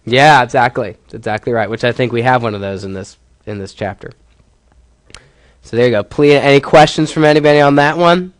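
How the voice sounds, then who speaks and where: A man's voice: medium pitch, fairly quick, no room sound. A male professor giving a classroom lecture, explaining step by step and putting questions to his students.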